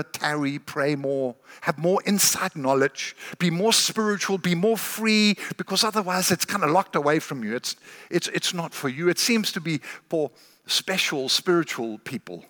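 A man's voice: a little high, a bit bright. A man preaching a sermon as a guest speaker, earnest and often repeating words as he starts a phrase. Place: large church hall. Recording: long church hall reverb.

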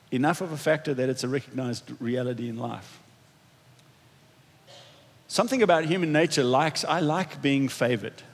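A man's voice: a little high, big-room sound. A man preaching a sermon as pastor in a conversational, self-deprecating way, with frequent restarts. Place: church hall.

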